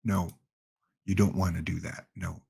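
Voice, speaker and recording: A man's voice: low voice, little pitch movement, unhurried, vocal fry, darkish tone, breathy edge. A man with a Canadian accent hosting a gaming livestream, chatting casually with jokey, rambling asides.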